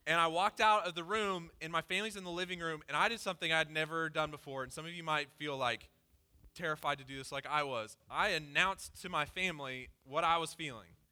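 A pastor giving a conversational sermon, candidly telling a personal story with lots of "like" fillers. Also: male voice, a little high, brisk, pushed and bright. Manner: casual and candid, peppered with "like".

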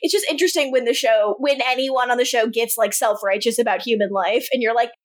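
A woman's voice: fairly high pitch, fast, poor audio. A woman co-hosting a podcast, recapping a TV episode in casual chat and acting out characters' lines with frequent laughter. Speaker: podcast co-host.

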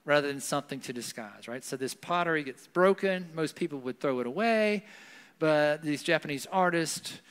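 A man's voice: on the high side, lively intonation, moderate pace, a bit bright, smooth. Man preaching a sermon in a reverberant hall. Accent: Southern US. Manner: conversational, often adds "right?". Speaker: pastor. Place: church hall.

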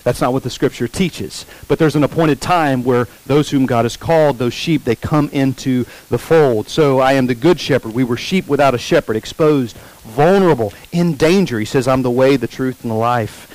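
Guy preaching a sermon, middle pitch, repeats lines slow for emphasis, asks the congregation stuff. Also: darkish tone, rough recording. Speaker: pastor.

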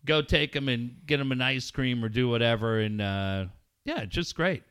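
A man in his forties co-hosting a talk show, telling stories in a casual, animated and profane way. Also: mid-range voice, normal speed, clean tone. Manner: animated, profane storyteller acting out his own reactions. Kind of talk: casual chat.

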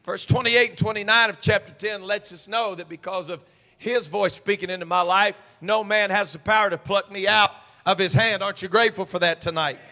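A man preaching a sermon as pastor at a midweek church service, moving between quiet stretches and shouted, sing-song preaching cadence. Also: high-pitched, fairly even intonation, fairly quick, big-room sound. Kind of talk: pentecostal-style preaching sermon.

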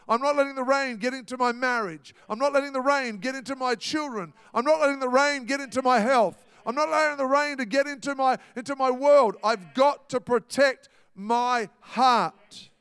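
A man's voice: very high-pitched, a bit bright, clean tone, no room sound, big-room sound. A man preaching a sermon, emphatic and repetitive, telling stories to make his point. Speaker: pastor.

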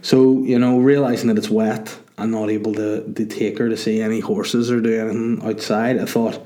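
A young man with a somewhat low voice hosts his own podcast. He rambles through casual, sweary, self-mocking chat full of fillers and sounds worn out. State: tired. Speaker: comedian and podcast host.

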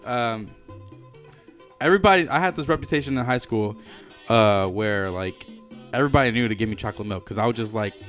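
A man's voice: fairly low pitch, fairly quick, fairly bright tone, soft background music. A young man telling a rambling, profane story in casual podcast chat, full of fillers and restarts. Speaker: podcast co-host.

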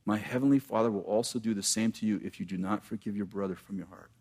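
A man preaching a sermon, reading scripture aloud and breaking off into quick, animated asides to the congregation. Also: fairly low pitch, creaky, breathy edge.

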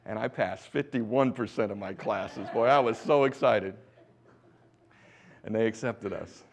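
A middle-aged man from the United States preaching a testimony sermon as a missionary preacher. He exhorts the congregation, swinging between hushed asides and loud bursts. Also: on the low side, a little slow, slight background noise.

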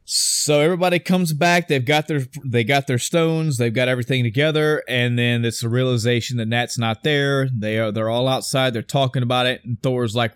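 A man's voice: mid-range voice, fairly even intonation, normal speed, clear, resonant tone, no room sound, studio quality. A man in casual chat, animatedly recapping a film scene by scene and acting out characters' lines with plenty of cursing. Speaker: podcast co-host recapping a film.

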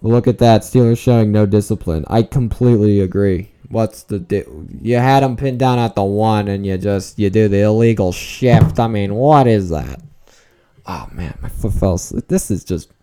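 A man podcasting alone, reacting casually to a live football game as he watches, rambling and excitable, dropping to nervous mutters and jumping to outbursts. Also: fairly low pitch, normal speed, clear, resonant tone. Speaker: solo podcaster. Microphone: talking into a microphone at home late at night.

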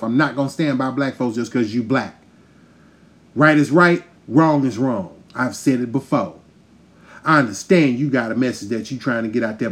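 A man hosting a podcast, delivering a heated, profane, emphatic rant straight to his listeners. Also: medium pitch. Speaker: podcast host. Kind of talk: ranting monologue.

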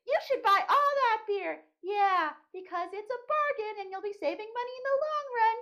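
A woman voicing a giddy bad idea bear who eggs a friend on with drawn-out, squealing cheer. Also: very high-pitched, expressive, sharp tone, voice pushed up, heavily acted. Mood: gleeful.

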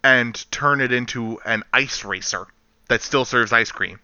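A man chatting casually on a podcast, rambling and animated, laughing often. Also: mid-range voice, a little slow, clean tone, no room sound, highs cut off. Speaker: podcast co-host. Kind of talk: casual chat.

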